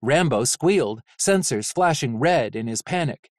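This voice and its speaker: An audiobook narrator reading a novel in an expressive, animated way. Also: medium pitch, a little slow, no echo, studio quality.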